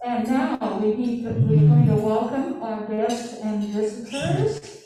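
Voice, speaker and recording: Slow-speaking woman chairing a meeting in an echoey room. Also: fairly high pitch, mellow, distant mic, soft background music. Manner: brisk, thanking people and moving the agenda along. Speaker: club president. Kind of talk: running a club meeting.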